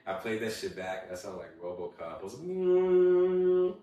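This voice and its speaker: Low-voiced young man in an echoey room. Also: fast, recorded from a distance. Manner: animated storytelling, heavy swearing, acts out quotes. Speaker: podcast host. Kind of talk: casual solo podcast chat. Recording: very echoey room, voice away from mic.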